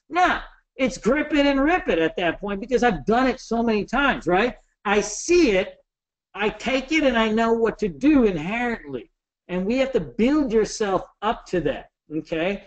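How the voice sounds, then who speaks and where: A man in his thirties giving a casual webinar lesson on trading, animated and jokey, with some swearing. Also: high-pitched, moderate pace. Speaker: trading instructor.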